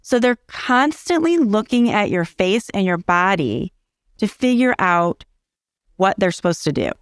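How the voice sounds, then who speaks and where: A woman's voice: mid-range voice, big pitch swings, unhurried, dry recording. Earnest teacherly woman, dry close sound. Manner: earnest, teacherly, repeats key phrases for emphasis. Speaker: early childhood educator and parenting guest. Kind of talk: casual interview explaining parenting.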